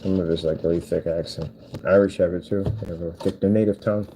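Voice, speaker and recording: A man's voice: low voice, fairly even intonation, fast, warm tone, rough recording. A man chatting casually and rambling as he builds a cardboard project, talking half to himself. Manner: meandering, talks to himself while working. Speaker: vlogger building cardboard PC cases. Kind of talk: casual rambling chat while crafting. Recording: background noise with clicking.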